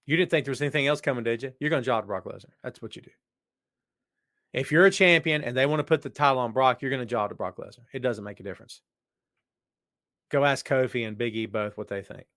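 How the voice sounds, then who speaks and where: A man hosting a podcast and answering listener questions in casual, rambling chat that jumps to loud excitement. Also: medium pitch, a little fast, long pauses, no room sound, studio quality. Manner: animated, jumps to shouting when excited; rambling, frequent restarts.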